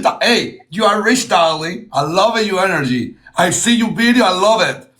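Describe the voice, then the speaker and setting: A man's voice: sits high, lively intonation, moderate pace, a bit bright. A man hosting a livestream battle, gushing with compliments in broken English and slipping into Spanish phrases. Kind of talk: casual livestream chat.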